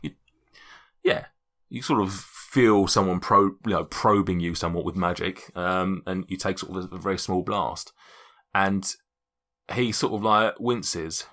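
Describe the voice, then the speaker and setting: A man's voice: low voice, unhurried, a bit bright. A man narrating a tabletop game as game master, rambling casually with many restarts.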